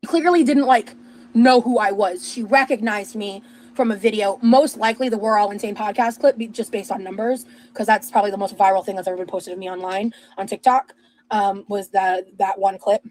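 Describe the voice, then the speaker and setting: A woman's voice: mid-range voice, fairly even intonation, brisk, darkish tone, poor audio. A young woman telling a rambling personal story in casual chat, with lots of fillers and restarts. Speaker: streamer and podcast host.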